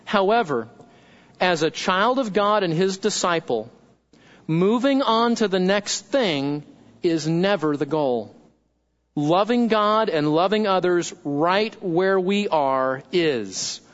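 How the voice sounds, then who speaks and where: A man's voice: high voice, lively intonation, slow pace, muffled recording. A pastor preaching a sermon, talking in a conversational way and asking his congregation questions.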